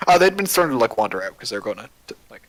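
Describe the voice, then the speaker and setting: A man narrating a tabletop game as game master, in a loose, halting way with many fillers. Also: mid-range voice, big pitch swings, dry recording, rough recording.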